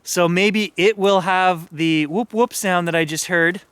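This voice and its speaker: A Canadian man running a live spirit box session outdoors in cold woods, excitedly talking to spirits and viewers. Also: high voice, clean tone, dry recording. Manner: excited, talks to spirits and viewers, quick chuckles. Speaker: paranormal vlogger.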